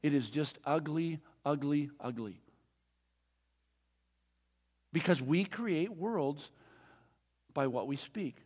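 An older man delivers a sermon in a high-pitched voice, talking to the congregation like a conversation and circling back to the same refrain. His words ring out with the long reverb of a big hall. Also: animated, unhurried, darkish tone. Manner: conversational preaching with repeated refrains and questions to the audience.

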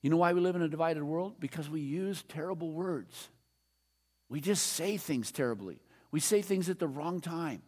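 A man's voice: a little high, lively intonation, moderate pace, a little mellow, long reverb tail. An older man preaching a sermon in a conversational way, repeating refrains and asking his audience questions.

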